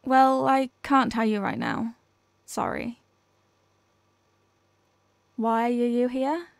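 A woman voicing a shy, nervous, obsessive young woman who has kidnapped someone, stammering and halting in an audio role-play. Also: on the high side, very animated, vocal fry, no echo. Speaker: ASMR role-play performer.

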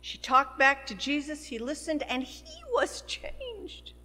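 Woman minister, sermon delivery, unhurried, in a sanctuary with long reverb. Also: high voice, big pitch swings, sharp tone. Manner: slow, measured preaching with rising emphasis. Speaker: pastor. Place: church sanctuary. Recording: long church hall reverb.

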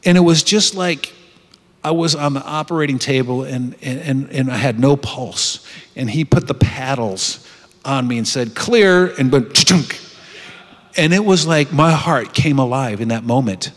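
A retreat speaker tells his story with heartfelt earnestness, often starting sentences over. His voice is mid-range and his speed normal. The recording, made in a conference hall, has long hall reverb.

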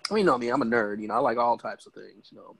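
Male co-host, lively and expressive, dry sound, easy casual delivery. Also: medium pitch, rapid-fire, creaky, breathy edge, no echo. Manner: animated, laughs often, acts out quotes. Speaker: podcast co-host. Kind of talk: casual movie chat.

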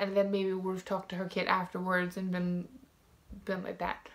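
A woman's voice: lowish voice, completely flat delivery, moderate pace. A woman vlogger telling a story to camera in a casual, rambling way, full of "like" fillers and restarts, frank and indignant.

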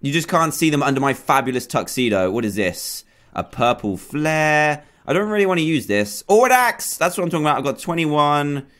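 A young man commentating a zombie survival game with lively, bouncing pitch that sits a little high for a man. He chatters along, then yelps and shouts at the enemies that chase him. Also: a little fast. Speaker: gaming YouTuber. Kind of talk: excitable gameplay commentary.

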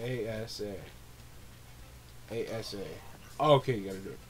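A young man recording let's play commentary, swearing and swinging from low muttering to sudden shrieks of disgust. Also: sing-song, slow, long pauses, slight background noise. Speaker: gamer, channel host.

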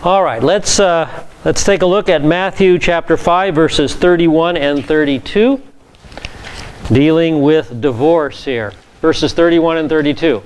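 A male pastor teaching a Bible class, reading scripture and explaining it with lively asides. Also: fairly high pitch, a little slow, a little hiss or hum.

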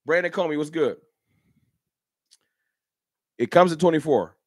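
A man hosting a casual fan livestream, talking in an animated, slangy way and answering his chat by name. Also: fairly high pitch, unhurried, no echo, clean studio sound. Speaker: livestream host. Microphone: streaming setup.

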